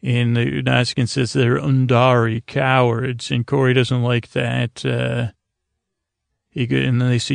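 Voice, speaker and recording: Gravelly-voiced man recapping an episode. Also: mid-range voice, flat delivery, measured pace, dry recording. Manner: rambling, many fillers and restarts. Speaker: podcast host.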